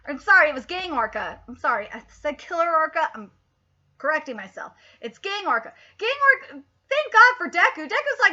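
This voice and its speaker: A woman reacting live to a manga chapter, excitable, swearing often and laughing as she talks. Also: sits high, fairly quick, lo-fi sound.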